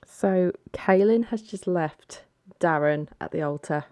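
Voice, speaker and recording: Gaming host, woman, excitable casual commentary, dry close sound. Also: on the low side, takes it slowly, no room sound. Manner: excitable, chatty, gasping in shock.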